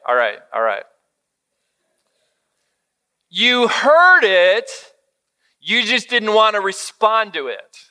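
A man's voice: sits high, bright, forceful tone, clean tone. A middle-aged male pastor giving a conversational sermon, chatty, with frequent fillers and direct questions to the audience.

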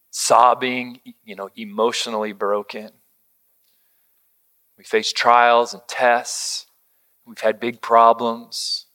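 A middle-aged male pastor delivers his sermon in a bright, clear voice. He talks like he's telling a story to friends, then drops his voice low and soft for the comforting lines. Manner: conversational storytelling, dropping to a hush for quoted comfort.

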